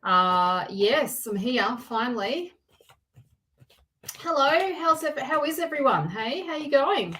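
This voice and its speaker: A middle-aged woman with an Australian accent chats on a live stream in a high, bright voice. She talks loosely and warmly to her viewers, restarting sentences as she goes. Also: big pitch swings, slow pace, a little hiss or hum. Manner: chatty, warm greetings to viewers, frequent restarts. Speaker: tarot reader hosting a livestream. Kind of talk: casual live-stream chat.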